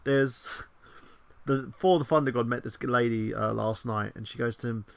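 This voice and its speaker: Excitable rambling man host. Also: mid-range voice, moderate pace, vocal fry, clear, resonant tone. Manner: rambling, excitable, swears freely. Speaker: podcast co-host. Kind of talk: casual online chat show.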